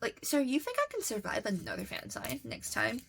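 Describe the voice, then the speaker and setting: This is a young woman with a slightly high voice that bounces all over as she tells a casual vlog story. She rambles and giggles, trips over her words and restarts her sentences, and the whole thing sounds chatty and unscripted. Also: wildly swooping pitch, brisk, vocal fry, background noise. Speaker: vlogger.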